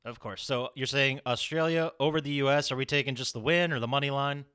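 A man's voice: medium pitch, brisk, pushed and bright, smooth. A young man hosting a casual podcast, running the segments and laughing easily. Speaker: podcast host.

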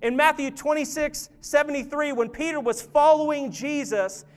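A male pastor preaching a sermon in an earnest manner, dropping to quiet intensity and rising to urgent emphasis. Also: very high voice, moderate pace, soft background music. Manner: rises loud and urgent at climaxes.

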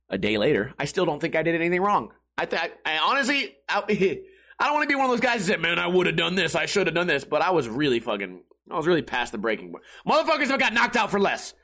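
A man's voice: on the high side, sing-song, fairly quick, sharp tone. A middle-aged man from Las Vegas telling a rambling, profane story in casual chat, getting heated and laughing between lines.

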